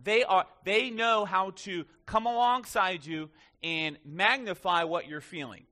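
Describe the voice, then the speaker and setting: A man's voice: high-pitched, unhurried, bright, forceful tone. A male pastor giving a conversational sermon in church, joking with the congregation.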